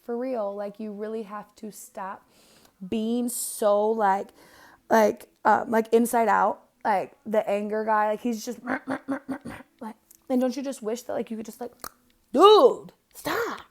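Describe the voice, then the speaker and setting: Young woman reading a birth chart, swears a lot, says um and like constantly, gravelly voice. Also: a little high, little pitch movement, unhurried, darkish tone. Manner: blunt, profane, emphatic, many fillers. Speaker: astrologer.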